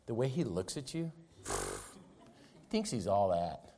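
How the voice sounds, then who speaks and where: A preacher voicing a scheming male devil who whispers suspicions in a low, hushed, insinuating tone. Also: huge pitch swings, slow, creaky, breathy edge, heavily acted.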